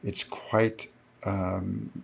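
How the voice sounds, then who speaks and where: A man's voice: sits low, flat delivery, very slow, gravelly, breathy edge, lo-fi sound. A man giving a recorded lecture to his students, explaining step by step and correcting himself as he goes.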